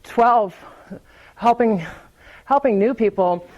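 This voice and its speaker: A woman's voice: fairly high pitch, slow pace, a little mellow, muffled recording. Candid woman sharing at a recovery meeting. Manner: candid and conversational, often restarting and repeating words; laughs lightly between thoughts. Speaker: AA speaker. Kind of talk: personal recovery talk at a meeting.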